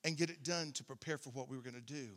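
A man's voice: mid-range voice, quick pace, fairly bright tone. A man preaching a storytelling sermon in a conversational way, often repeating words as he starts a thought. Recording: echoey hall reverb.

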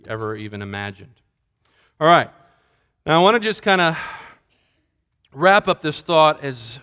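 A man preaching a sermon, asking rhetorical questions and dropping to a low, soft voice. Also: long reverb tail.

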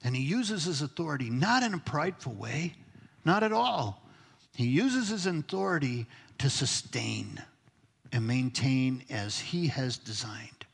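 A man's voice: mid-range voice, expressive, unhurried, creaky, breathy edge. A man preaching a sermon as pastor, emphatic, sometimes dropping to a near-whisper to stress a point. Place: church sanctuary. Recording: long hall reverb.

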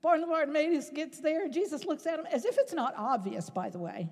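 A woman preaching a sermon in an animated, rhetorical way, at times rising to a shout. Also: high-pitched, normal speed. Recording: long reverb in a large hall.

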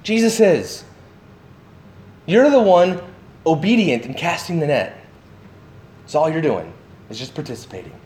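A man giving a sermon, animated and full of questions to his listeners, acting out the voices of the people in his story. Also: a little high, unhurried, long pauses, reverberant. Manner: animated, acts out voices of the disciples; asks the listeners many questions. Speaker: pastor.

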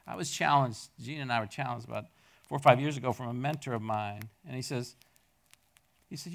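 A middle-aged man preaching a sermon to his congregation. He tells stories in an animated way, jumping from loud peaks to near-murmurs. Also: mid-range voice, fairly quick, creaky. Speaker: pastor. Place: church hall with a congregation.

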